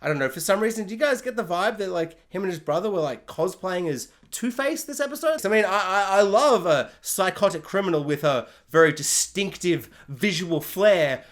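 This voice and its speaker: A show reviewer in a casual comic rant, animated and sarcastic with lots of fillers. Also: medium pitch, moderate pace, hardly any pauses.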